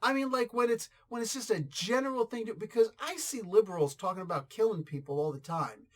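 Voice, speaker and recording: A man's voice: high-pitched, lively intonation, brisk. A man hosting a casual comic book review, ranting in a blunt, crude and mocking way with bursts of laughter.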